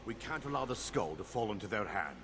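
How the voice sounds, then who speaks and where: A deep, solemn temple priest. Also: male voice, expressive, brisk, a crowd in the background. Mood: solemn urgent. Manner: solemn and urgent. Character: grave male priest defending a temple.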